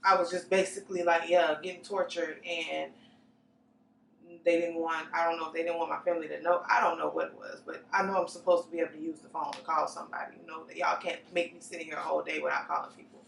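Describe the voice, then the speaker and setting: Young woman with a gravelly voice in an echoey room. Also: deep voice, little pitch movement, a bit bright. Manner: earnest, halting recounting with restarts. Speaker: interviewee. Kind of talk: personal testimony. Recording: echoey room, distant mic, faint noise.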